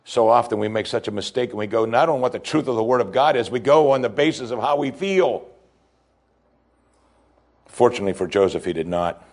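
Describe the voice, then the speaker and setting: A man's voice: animated, a little fast, a little mellow. Man preaching with swinging emphasis. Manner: emphatic preaching with rising and dropping pitch. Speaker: pastor. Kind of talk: sermon.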